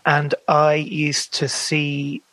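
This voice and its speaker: A man with a slightly high voice talks in a dry, close-miked sound. He is a guest musician on a podcast who tells rambling stories packed with "like" and trailing asides. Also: completely flat delivery, extremely slow, fairly bright tone, no room sound. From England, grew up in Reading, Berkshire. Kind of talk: podcast interview, storytelling.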